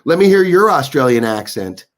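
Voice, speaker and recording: A man's voice: medium pitch, big pitch swings, moderate pace. A man co-hosting a casual movie review chat, joking and laughing often. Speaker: host.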